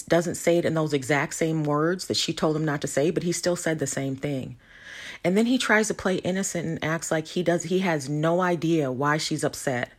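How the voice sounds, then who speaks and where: A reality show commentator giving casual, opinionated commentary and talking straight to the viewers. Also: medium pitch.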